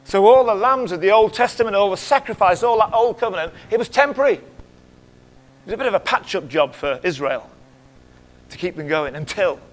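A middle-aged male pastor preaching in church, swinging between loud exclamations and hushed whispers and asking the congregation questions. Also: high voice, animated, brisk. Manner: conversational, asks the congregation questions. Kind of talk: sermon.

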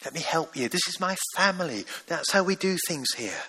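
A preacher putting on a loving heavenly father, speaking softly and a little slower than the sermon around it. The voice stays fairly high and bright but gentle and coaxing, pleading patiently with his children. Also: expressive, breathy edge, long reverb tail, heavily acted. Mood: tender, pleading. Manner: gentle and coaxing, repeats "come on".

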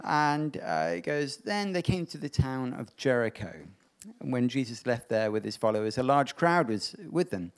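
A man preaching a sermon, reading Bible stories and bringing them to life with animated voices. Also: medium pitch, moderate pace, clear, resonant tone.

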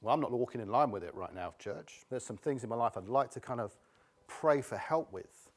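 A man's voice: medium pitch, expressive, a little fast. A middle-aged man preaching a sermon, emphatic and repeating key words for stress.

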